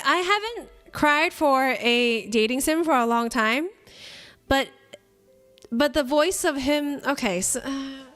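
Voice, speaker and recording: Woman streamer, casual live chat, talks to viewers by name, laughs often, slightly high voice, soft music behind.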